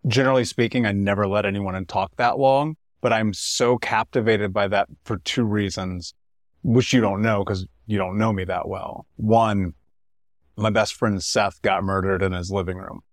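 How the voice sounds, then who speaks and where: Low-voiced man hosting a podcast. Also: fairly even intonation, moderate pace, no echo, clean studio sound. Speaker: podcast host. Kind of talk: interview conversation.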